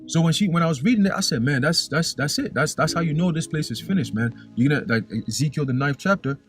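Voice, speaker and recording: A man's voice: on the high side, expressive, quick pace, soft background music. A young man preaching in a casual way, reading scripture verses aloud and often ending his lines with "man". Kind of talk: informal scripture teaching.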